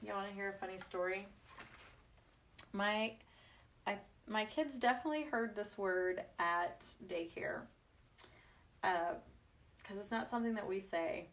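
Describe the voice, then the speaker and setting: A woman, chatting warmly and laughing through stories as she hosts a craft livestream. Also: medium pitch, a little slow, long pauses. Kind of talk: casual craft livestream chat.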